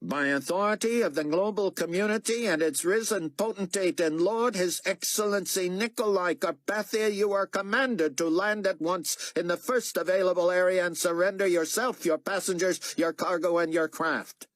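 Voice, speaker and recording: A man's voice: high-pitched, moderate pace, hardly any pauses, a bit bright, no room sound, pitched above the performer's own voice. A man voicing a stern, officious military officer issuing clipped commands over the radio. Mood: commanding.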